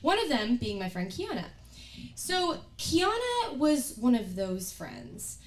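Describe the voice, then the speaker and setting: A young woman telling a comic personal story on stage, acting out scenes and yelling at the wild moments. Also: on the high side, slow pace. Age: young adult. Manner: animated, acts out scenes with loud yells. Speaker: student performer. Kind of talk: stand-up storytelling. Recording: roomy stage audio from a distant mic.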